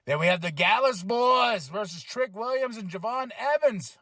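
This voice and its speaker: A man hosting a podcast, recapping a wrestling show in casual chat, excitable, laughing and acting out what people said. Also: sits high, moderate pace, hardly any pauses, no echo. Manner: excitable, acts out quotes, swears, laughs often. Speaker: podcast host.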